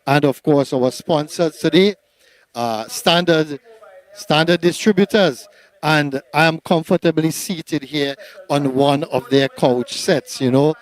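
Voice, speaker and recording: A man's voice: fairly high pitch, takes it slowly. A man hosting live coverage of an outdoor sports day, chatty and rambling with many fillers. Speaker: event host. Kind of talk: live event commentary. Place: seated at an outdoor sports ground.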